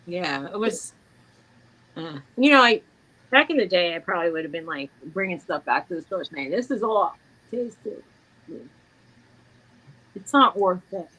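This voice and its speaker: A middle-aged woman with a New York accent, chatting casually as co-host, animated and laughing often as she tells stories. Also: fairly low pitch, moderate pace, rough recording. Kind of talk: casual chat.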